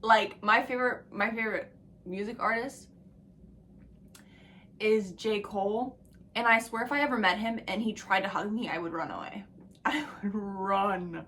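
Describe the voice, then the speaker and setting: Bright-voiced rambling young woman vlogger. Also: medium pitch, normal speed, pauses often, slight background noise. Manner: rambling, excitable, profane, laughs and drops to whispers. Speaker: book vlogger. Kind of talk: casual chat to camera.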